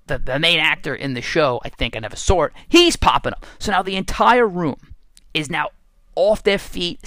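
A man who coaches football, giving an energetic, animated motivational talk full of stories and restarts. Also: fairly high pitch, no echo.

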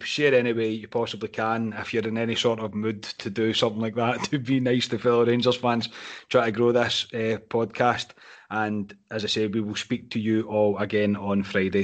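A man's voice: mid-range voice, highs cut off. A young Scottish man hosting a casual fan podcast, frustrated and swearing about a lost match. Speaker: podcast host.

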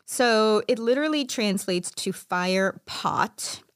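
A chatty woman from Chicago co-hosts a casual talk and explains things with easy fillers. Her voice is smooth and clear at a middle pitch. The sound is close and dry. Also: animated, takes it slowly, dry recording. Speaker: podcast co-host. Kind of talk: casual chat.

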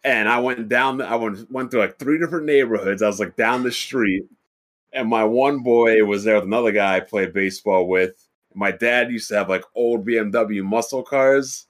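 A man co-hosting a podcast, telling a profane childhood story in an animated, casual way. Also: lowish voice, normal speed.

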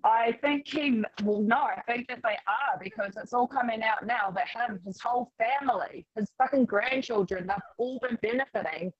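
A woman's voice: fairly high pitch, moderate pace, few pauses, breathy edge, no room sound. A woman guest in a casual chat, rambling with many fillers. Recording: dull dry sound.

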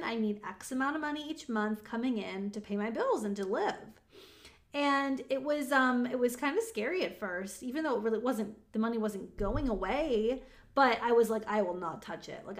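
A young woman giving a casual motivational talk, chatty and emphatic, with lots of "like" fillers. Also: fairly high pitch. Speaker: motivational speaker on manifesting.

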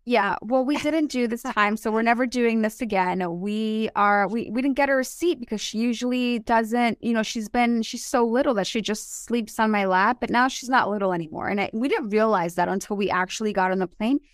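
A woman in her forties, born in Colombia, telling animated and emotional stories as a podcast co-host. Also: on the high side, fairly quick, hardly any pauses, dry recording, studio quality. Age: 40s. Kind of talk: casual chat.

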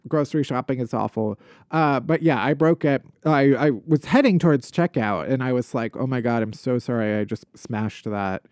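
A man's voice: mid-range voice, moderate pace, clean tone, dry recording, studio quality. A man co-hosting a comedy podcast, ranting about everyday annoyances in a casual, joking way. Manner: animated ranting complaints. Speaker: podcast co-host. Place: podcast studio.

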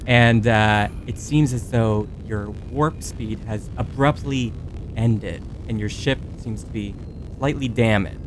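A man guides his players through a sci-fi scene, narrating in an easygoing, descriptive way. His voice sits in a middle range, with faint noise behind it. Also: mid-range voice. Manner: laid-back, descriptive narration. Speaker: game master. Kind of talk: narrating a tabletop game.

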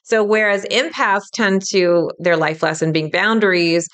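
A middle-aged woman teaching about intuition in a casual, animated monologue, laughing easily and acting out quoted thoughts. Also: medium pitch, measured pace.

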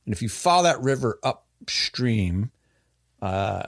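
A man's voice: mid-range voice, sing-song, slow pace, vocal fry, no room sound, studio quality. A man hosting a podcast, telling a story in casual chat. He rambles, restarts often and uses many fillers.

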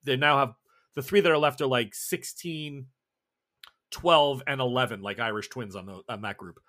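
A man's voice: mid-range voice, moderate pace, bright, forceful tone. A man narrating as game master of a tabletop horror game, describing scenes with frequent restarts.

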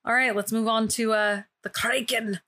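A woman's voice: on the high side, steady tone, normal speed, pushed and bright. A woman co-hosting a podcast in casual chat, joking and giggling as she argues her point. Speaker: podcast co-host.

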